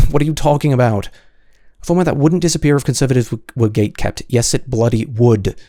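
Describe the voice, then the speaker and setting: A man's voice: medium pitch, steady tone, a little fast, warm tone, no room sound, studio quality. A man hosting solo commentary, answering comments in an exasperated, sarcastic way with many stammered restarts.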